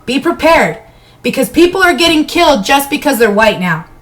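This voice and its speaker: Heated high-voiced woman ranting. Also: big pitch swings, normal speed, fairly bright tone, rough recording. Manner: blunt and heated, heavy swearing. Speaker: live-stream vlogger. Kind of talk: unscripted live-stream rant. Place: bedroom.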